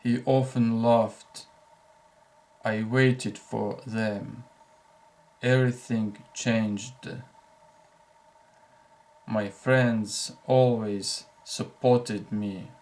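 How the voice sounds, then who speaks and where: Reading brief example sentences aloud for learners, this native Russian-speaking English teacher goes slowly and deliberately, pausing clearly after each one. His medium-pitched voice stays steady and a little mellow.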